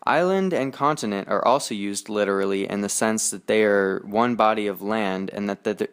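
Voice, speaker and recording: A teenage boy reads his poetry report aloud, steady and earnest, with now and then a stumble over a word. His voice sits low and sounds clean and smooth. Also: normal speed. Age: teens. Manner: steady, earnest reading with small slips. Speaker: student presenter. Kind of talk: reading a school poetry explication.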